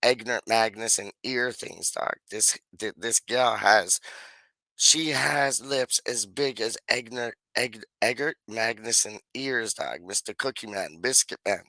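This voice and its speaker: Gravelly heavy young man. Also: fairly low pitch, unhurried, sharp tone, dry recording. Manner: slangy, rambling, repeats "dog" and "like". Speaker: YouTuber. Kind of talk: rambling casual monologue.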